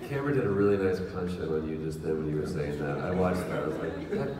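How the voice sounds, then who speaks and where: A man's voice: rumbling low, quick pace, background noise. A man, a voice actor, joking and telling a self-mocking story on a panel in a large convention hall. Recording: echoey hall, far mic, loud crowd.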